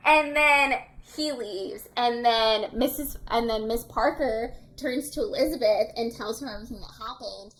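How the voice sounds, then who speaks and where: A woman's voice: fairly high pitch, normal speed, hardly any pauses. A young woman co-hosting a book podcast, recapping a novel's plot in casual chat and acting out the characters' lines as she goes.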